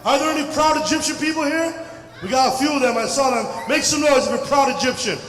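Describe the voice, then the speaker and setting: High-voiced shouting stand-up comic in echoey hall. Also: male voice, fast. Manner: loud, animated crowd work, frequently shouting. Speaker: stand-up comedian. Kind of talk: stand-up comedy set. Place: large crowded festival hall. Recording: echoey hall, far from the mic.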